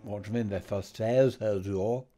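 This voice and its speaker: A man playing a pompous, boastful old English gentleman, grumbling through a game. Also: fairly low pitch, fairly even intonation, unhurried, natural voice. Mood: gruff banter. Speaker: game player. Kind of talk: comedic let's-play banter.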